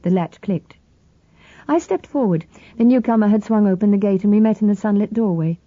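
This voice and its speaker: A woman narrating a novel in the first person, reading in an even, measured way. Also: medium pitch, dry recording. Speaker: audiobook narrator. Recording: slightly dull, dry lo-fi recording.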